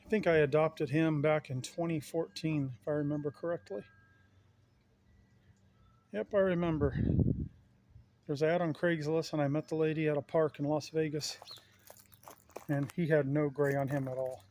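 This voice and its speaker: A man's voice: on the high side, steady tone, moderate pace, long pauses, a little mellow, slight background noise. A man chatting casually to his viewers while walking around his backyard, rambling and folksy. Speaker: yard vlogger. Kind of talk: casual walk-around chat. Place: outdoors in a backyard.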